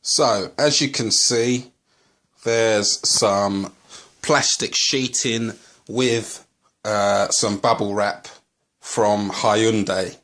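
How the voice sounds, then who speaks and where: A man from the UK filming a casual unboxing video as a collector vlogger. He speaks haltingly and turns to angry ranting, full of swearing. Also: lowish voice, fairly even intonation, a bit bright.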